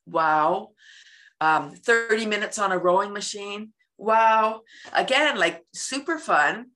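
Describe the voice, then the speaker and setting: Woman interview guest: bright, animated and expressive, breaks into laughter, plays out everyday moments. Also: medium pitch, takes it slowly. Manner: animated, laughs often, acts out everyday scenes. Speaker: guest, laughter yoga advocate. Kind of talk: casual interview talk.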